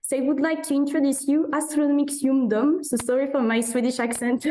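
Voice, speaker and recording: A woman's voice: high voice, fairly even intonation, moderate pace, mellow, low-quality recording. A woman hosting a conference, introducing the next speaker with hesitant fillers. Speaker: conference host.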